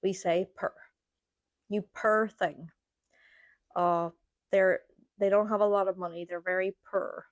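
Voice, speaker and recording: A woman's voice: lowish voice, flat delivery, moderate pace, no room sound. An Irish woman hosting a podcast, chatting casually and demonstrating how she pronounces words. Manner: chatty, demonstrating word pronunciations. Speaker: podcast host. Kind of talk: casual chat.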